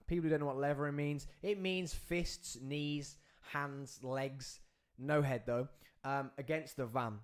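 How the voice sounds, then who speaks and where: Excitable man telling a story. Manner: excitable, acts out the scenes with swings in pitch and loudness. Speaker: podcast host. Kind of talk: animated storytelling.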